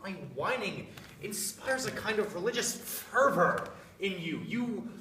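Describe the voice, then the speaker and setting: A young man playing a tormented, guilt-ridden married man who talks in a brooding, bitterly ironic way, swinging from hushed tones to outbursts, in a stage scene. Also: high-pitched, animated, unhurried. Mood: self-mocking. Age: young adult. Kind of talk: stage acting. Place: stage in a theatre. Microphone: far camera. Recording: echoey room from far off, faint noise.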